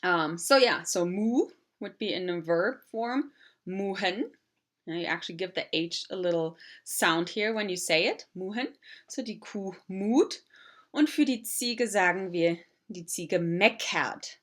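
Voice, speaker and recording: A woman's voice: lowish voice, measured pace. A woman in her thirties who grew up in Germany, with German as her first language, giving a casual language lesson and chatting with lots of ums and uhs.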